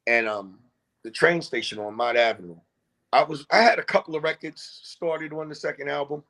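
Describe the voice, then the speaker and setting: A man's voice: on the high side, moderate pace, creaky, a bit bright. A man who is a guest rapper, telling his story in an interview in a reflective, laid-back way. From New York.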